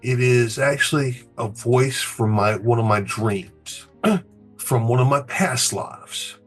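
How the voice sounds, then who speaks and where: A man speaking as a player in a tabletop game, thoughtful and measured. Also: mid-range voice, faint music behind. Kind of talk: tabletop role-play chat.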